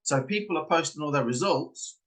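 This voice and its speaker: A man's voice: a little high, lively intonation, fairly quick, a bit bright, rough recording. A man in a casual, rambling monologue, acting out little scenes and often repeating himself. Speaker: online trading coach.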